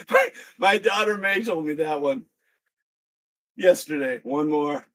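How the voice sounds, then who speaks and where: A man leading an online exercise class, energetic, calling out counts and shouting encouragement to students by name. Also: high voice, unhurried, gravelly.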